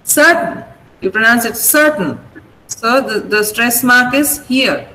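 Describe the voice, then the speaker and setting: A middle-aged woman with an Indian English accent teaching pronunciation online, patiently repeating words slowly over a video call. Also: fairly high pitch, lively intonation, sharp tone, low-quality recording. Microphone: computer mic on a video call.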